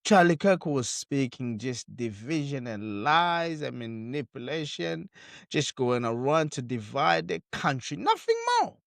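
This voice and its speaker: A man's voice: medium pitch, measured pace, vocal fry, dry recording. A man giving heated commentary on video clips, indignant and emphatic, repeating his points.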